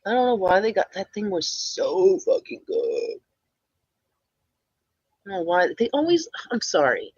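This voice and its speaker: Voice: mid-range voice, huge pitch swings, a little slow, pauses often, breathy edge, no room sound, lo-fi sound. A streamer giving casual, rambling reaction commentary, blunt and swearing often.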